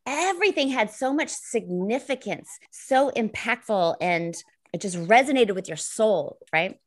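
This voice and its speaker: A woman's voice: on the high side, lively intonation, a little slow. A woman telling a long, earnest story of a pilgrimage in casual chat, rambling with many fillers.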